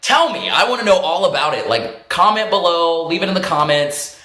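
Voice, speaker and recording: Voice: mid-range voice, animated, normal speed, pushed and bright. A vlogger telling a story in a casual, profane way, laughing often as the story goes. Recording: roomy echo.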